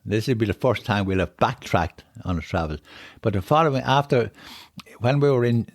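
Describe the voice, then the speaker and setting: A man's voice: on the low side, normal speed, no echo, studio quality. An older Irish man, a podcast guest, telling rambling travel stories in a conversational way and often repeating himself. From Ireland. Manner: rambling, repeats "on it", emotional when moved. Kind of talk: conversational storytelling.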